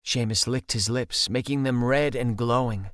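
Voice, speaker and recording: Male audiobook narrator, mid-range voice, steady intimate read, dry booth sound. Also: medium pitch, moderate pace, dry recording. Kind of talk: first-person audiobook narration.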